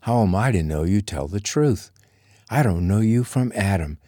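A man's voice: fairly low pitch, animated, moderate pace, mellow, no echo. A man voicing a prim, proper young schoolteacher woman who speaks stiffly and formally, in a very dry recording. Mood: prim, indignant.

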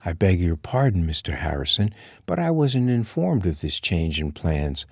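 A man's voice: deep voice, very animated, moderate pace, gravelly, slightly rough, no echo, full character voice. A man voicing a prim, proper young schoolteacher woman who speaks stiffly and formally, in a very dry recording. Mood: prim, indignant.

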